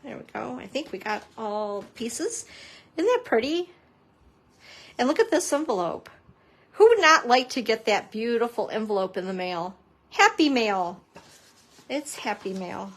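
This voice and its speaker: A chatty woman crafting instructor talking her way through a relaxed live-stream demo. Her voice sits a little high for a woman, and she keeps slipping in playful, goofy asides at her own expense. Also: normal speed. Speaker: papercrafting instructor.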